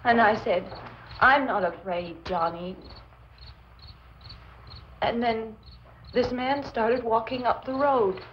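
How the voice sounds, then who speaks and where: An actress playing a young woman in shock over her lost brother, recalling the attack in a halting way and breaking into sobbing pleas, in 1960s horror film acting. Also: on the high side. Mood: dazed. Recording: dull, hissy old film soundtrack.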